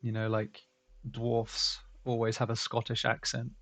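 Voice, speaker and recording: A man's voice: medium pitch, monotone, unhurried, fairly bright tone, soft background music. A man hosting a drawing stream, chatting casually and joking. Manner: chatty, joking, laughs often. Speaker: stream host.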